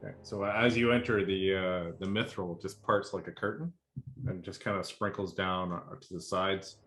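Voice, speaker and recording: A man's voice: sits low, steady tone, moderate pace, fairly bright tone, faint music behind. A man narrating a tabletop game as game master, describing scenes with frequent fillers.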